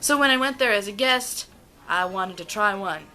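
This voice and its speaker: Bubbly, bright-voiced young American woman. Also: mid-range voice, lively intonation, low-quality recording. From United States. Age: young adult. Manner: gushing, enthusiastic, drawn-out words. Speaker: vlogger. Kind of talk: casual food vlog.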